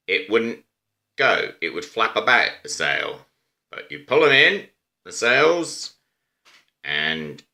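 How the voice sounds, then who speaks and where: A man's voice: low-pitched, bright, forceful tone. A man with an Australian accent, casually explaining an eco-friendly invention in a rambling, musing way. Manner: unhurried, musing, with fillers and asides. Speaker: amateur presenter explaining an invention.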